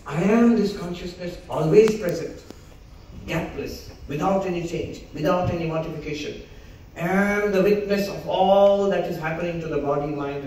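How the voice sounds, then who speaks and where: A man with a Bengali accent gives a spiritual lecture, teaching in a calm yet emphatic way and returning to key phrases again and again. His voice sits a little high and is heard from far off, with heavy echo filling the hall and a faint hum of noise behind him. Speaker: monk giving a spiritual talk. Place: hotel event hall.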